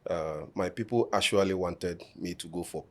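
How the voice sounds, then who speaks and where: A man with a low, deep voice speaks in a measured, formal way, pausing on fillers as he lays out his points. He sits in a podcast studio answering an interviewer. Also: a bit bright. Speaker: election candidate.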